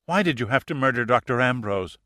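A man's voice: medium pitch, lively intonation, brisk, bright, forceful tone, no echo, pitched above the performer's own voice. A man voicing a frightened, shaken young woman in distress. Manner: shocked, distressed.

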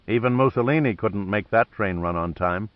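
A laconic male action hero who meets danger with dry understatement, voiced by a man reading aloud. He speaks low and unhurried, in a slightly muffled, dry studio recording. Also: no echo, natural voice. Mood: wry calm. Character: cool wry male adventurer hero.

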